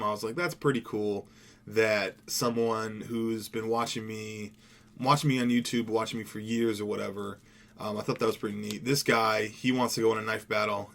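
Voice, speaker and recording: A man's voice: fairly low pitch, vocal fry. A young man from Seattle giving casual gameplay commentary as a gaming YouTuber, rambling and laid-back, swearing now and then. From Seattle, USA.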